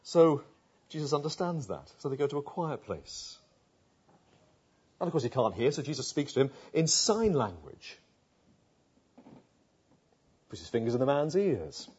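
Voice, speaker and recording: Male preacher, earnest, rhetorical, mellow and husky; lo-fi recording. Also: medium pitch, big pitch swings, normal speed. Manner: earnest storytelling with rhetorical questions, hushed at tender moments. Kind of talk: sermon. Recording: dull lo-fi sound.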